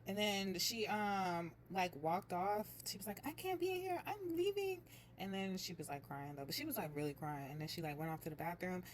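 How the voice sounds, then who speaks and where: A young woman chatting casually as she recaps a reality show, telling it in a lively way and slipping into other people's voices. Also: on the low side, a little fast, few pauses, slight background noise. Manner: chatty, animated retelling with quoted voices.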